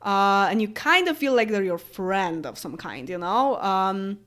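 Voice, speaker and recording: A woman's voice: mid-range voice, animated, a little slow, fairly bright tone. A woman in her late twenties with a Polish accent, chatting casually with viewers and answering their comments, rambling with lots of fillers and easy laughs. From Poland. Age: late 20s. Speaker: YouTuber.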